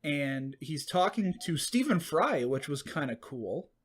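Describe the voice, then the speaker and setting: A man's voice: on the high side, very animated, measured pace, husky. A man co-hosting a casual podcast with dry, wry asides. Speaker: podcast co-host. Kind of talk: casual chat.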